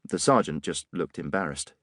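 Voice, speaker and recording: Male audiobook narrator, low, expressive, wry, dry studio. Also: moderate pace, dry recording. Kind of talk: scripted narration.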